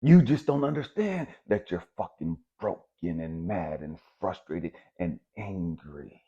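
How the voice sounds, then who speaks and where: A man's voice: low-pitched, lively intonation, measured pace, mellow, breathy edge. A man giving a blunt, profane spiritual motivational monologue, repeating his points for emphasis. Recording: dull lo-fi recording.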